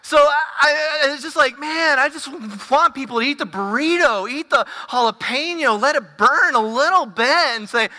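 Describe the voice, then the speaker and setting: Animated woman preaching in a reverberant hall. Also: high voice, moderate pace, hardly any pauses. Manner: casual, animated, stumbling repetitions. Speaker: pastor. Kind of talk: sermon. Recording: long reverb of a large hall.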